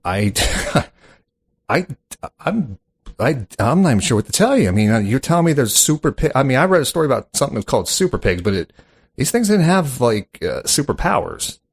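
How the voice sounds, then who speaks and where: A man's voice: medium pitch, sing-song, fast talker, slightly rough. A man hosting a mock call-in comedy show, flustered and incredulous, stammering as he fields callers. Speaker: host of a comedy podcast.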